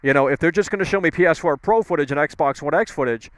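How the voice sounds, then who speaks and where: Man, live call-in host, combative rant, quick talker, slightly high voice, dry close sound. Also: no echo. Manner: loud, ranting, combative. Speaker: live stream host taking calls. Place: outdoors in the cold.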